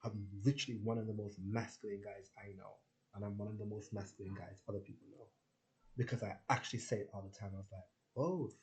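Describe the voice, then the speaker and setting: A man's voice: lowish voice, little pitch movement, fast. A young man telling stories in a casual, rambling vlog monologue, packed with filler words and swearing, acting out the people he quotes. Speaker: vlogger.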